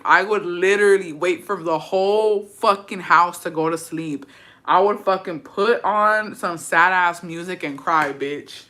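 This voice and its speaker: A young woman chatting to camera in storytime mode, her voice bright and edged. She talks brashly and dramatically, swears freely and slips into Spanish now and then. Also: fairly low pitch, measured pace. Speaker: vlogger. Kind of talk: casual storytime chat.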